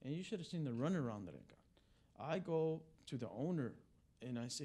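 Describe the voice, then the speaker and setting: A male attorney speaks to the press in a loose, story-telling way, stumbling through restarts and filler words. His voice has a gravelly, creaky edge, and sits at an ordinary middle pitch for a man. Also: lively intonation, normal speed, few pauses, dark tone. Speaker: immigration attorney. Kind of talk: press briefing talk. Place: press club briefing room.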